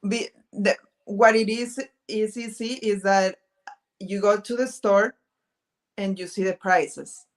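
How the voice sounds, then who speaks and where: A woman from Italy who speaks English as a second language, talking at a slow, unhurried pace. She hunts for words and restarts her phrases, filling the gaps with "mm-hmm". Her pitch sits in a middle range. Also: steady tone. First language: Italian. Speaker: guest. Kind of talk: casual interview chat.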